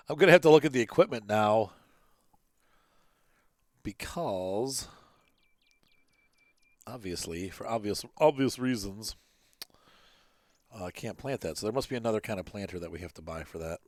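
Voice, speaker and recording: Playing through a farming game, this gaming channel host tells a personal story in casual, rambling commentary packed with fillers and restarts. His lowish voice has lively intonation at a normal speed, and he pauses often. No room sound is audible.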